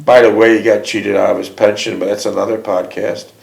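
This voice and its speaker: A man's voice: fairly low pitch, flat delivery, a little fast, vocal fry, darkish tone. A man hosting an interview, patiently asking questions and repeating them. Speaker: interviewer host. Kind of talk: casual interview. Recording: roomy echo.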